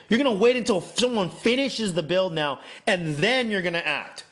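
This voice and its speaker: A man hosting a masterclass, mixing an emphatic sales pitch with sermon-like preaching, repeating phrases for effect and mimicking doubters. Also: animated, normal speed, few pauses, fairly bright tone. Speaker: host, off-grid masterclass presenter.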